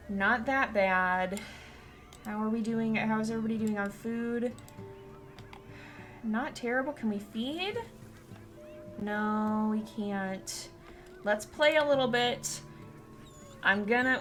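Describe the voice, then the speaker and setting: A woman's voice: on the high side, measured pace, long pauses. Woman, gaming streamer, casual let's-play chatter, headset mic, faint background music. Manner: chatty, reacts loudly and squeals when scared; soft and gentle when giving advice to viewers.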